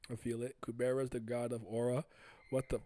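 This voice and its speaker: A man casually chatting on a livestream, reviewing comic chapters, animated and laughing often. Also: mid-range voice, a little fast. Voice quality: animated, laughs often, swings loud and soft. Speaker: streamer reviewing manga chapters.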